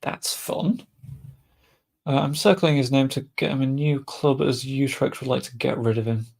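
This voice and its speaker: Man, gravelly, casual chatty gameplay commentary, middle pitch. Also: fairly even intonation, normal speed, darkish tone. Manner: muttering, chatty, swears offhand. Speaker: gaming streamer.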